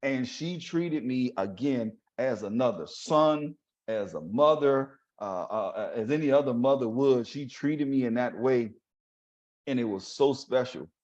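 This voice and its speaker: A man, a podcast host telling a story to his listeners in a loose, lively way. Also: mid-range voice, measured pace. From New Orleans, USA. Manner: animated, talks straight to listeners with chuckles. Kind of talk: casual storytelling monologue. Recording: dull lo-fi audio.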